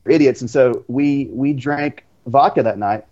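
A man's voice: mid-range voice, moderate pace, a little mellow. A young man who is a guest on a podcast, speaking in a middling voice over a slightly dull, lo-fi line. He chats casually and fills his speech with "like" and restarts. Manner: filler-heavy, says "like" constantly. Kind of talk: casual chat.

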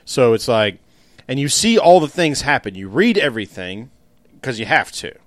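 A man co-hosting a casual sports podcast who speaks in a reflective, unhurried way, often pausing on fillers. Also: mid-range voice, very animated, dry recording. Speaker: podcast co-host. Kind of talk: casual chat.

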